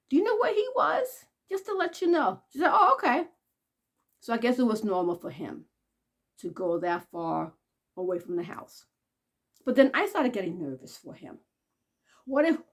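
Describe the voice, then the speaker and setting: A woman vlogger shares a personal story in a relaxed, conversational style, raising her voice high when she quotes people and dropping soft and quiet during the sad moments.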